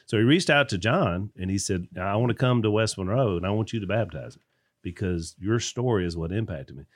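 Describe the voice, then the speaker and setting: Guy hosting a podcast, very low voice, dry close sound, earnest and rambling. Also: lively intonation, a little fast, dry recording. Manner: earnest, many restarts and fillers. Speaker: podcast host. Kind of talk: casual conversation.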